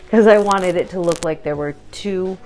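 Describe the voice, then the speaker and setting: A woman talks in a casual, chatty way about fixing up a kitchen, her voice a little on the low side. She tells her stories with a lot of animation and laughs along the way. Faint music runs under her voice. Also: unhurried, darkish tone. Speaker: home renovation vlogger. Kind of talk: casual chat.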